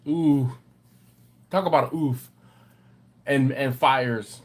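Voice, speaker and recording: A man hosting a barbecue livestream, chatting casually and reading viewer comments aloud, with a rambling, animated storytelling manner. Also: medium pitch, slow pace. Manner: rambling storyteller, animated when telling anecdotes.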